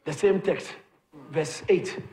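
A man preaching a sermon, repeating his lines emphatically, building to shouts, and calling on the congregation to answer. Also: a little high, takes it slowly. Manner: calls on the congregation to respond. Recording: echoey room with crowd audible. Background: congregation responding.

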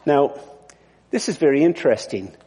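A man's voice: fairly high pitch, very animated, moderate pace, dark tone, breathy edge, in a large hall. A male pastor giving a sermon in a conversational, digressive way, often restarting his sentences. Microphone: mic on the body.

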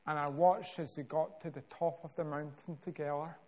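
A Scottish man preaches a sermon, telling a story with measured, dramatic pauses and steadily building emphasis. His voice is a little high and darkish, with a steady tone.

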